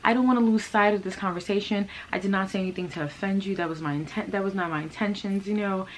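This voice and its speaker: Woman putting on a slick patronizing guy, slow and smooth, you know-ing everything. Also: mid-range voice, slight background noise, voice pushed up, lightly acted. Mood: pleading. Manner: patronizing, works the room. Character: smooth-talking condescending man, controlling fiancé.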